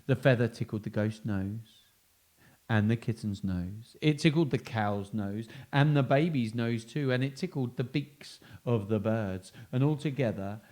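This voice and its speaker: A man's voice: mid-range voice, unhurried, darkish tone. A man hosting a children's story and joke show, talking in a playful, self-mocking way. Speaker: host.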